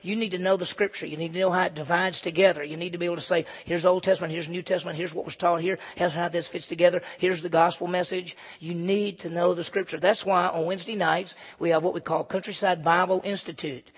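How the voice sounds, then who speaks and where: A man's voice: sits high, flat delivery, quick pace, few pauses, slightly rough. A man preaching a sermon as pastor, reading scripture aloud and explaining it, repeating phrases for emphasis. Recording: long hall reverb.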